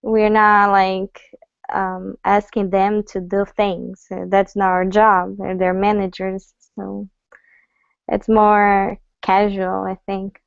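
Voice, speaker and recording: Woman, slow and careful, smooth clear voice, lo-fi call. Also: medium pitch, monotone, no echo. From Brazil. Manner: measured, hesitant. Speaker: HR assistant, student. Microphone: video call. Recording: muffled lo-fi call audio.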